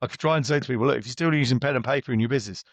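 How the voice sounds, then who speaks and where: A middle-aged business coach appears as an interview guest, speaking bluntly and chattily in a mid-range voice at a racing pace. He acts out his exchanges with clients, and there is no room sound.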